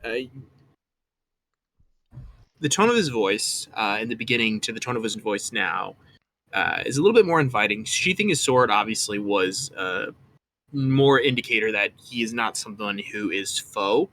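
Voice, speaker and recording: Bright-voiced man running a tabletop game. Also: fairly low pitch, lively intonation, moderate pace. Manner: loose, searching, with many fillers. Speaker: game master.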